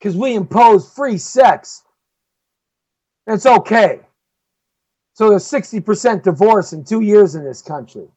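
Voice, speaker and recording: A man hosting a live show, delivering an impassioned opinion monologue that swings between loud outbursts and low muttering. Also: animated, a little slow, pauses often, low-quality recording. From United States.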